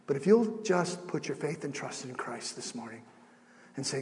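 A middle-aged man preaching a sermon as pastor, animated, shifting between soft and loud with acted asides. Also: a little high, fairly quick, big-room sound, a little hiss or hum. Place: church sanctuary.

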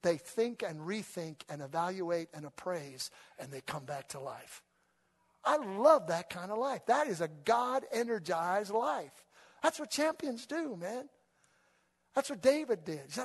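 A high-pitched man preaching in a big church hall, his voice trailing off into long reverb. He swings from soft, conversational asides to loud, fervent exhortation, calling the congregation to read along with him. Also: unhurried, husky. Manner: animated, rising to loud exhortation, call-and-response with congregation. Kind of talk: energetic sermon. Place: church sanctuary.

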